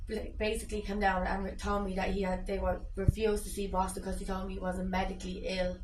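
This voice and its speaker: Woman, distressed, flat delivery, far-off mic, noisy echoey room. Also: medium pitch, fast. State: distressed, at breaking point. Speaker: mother of an autistic child.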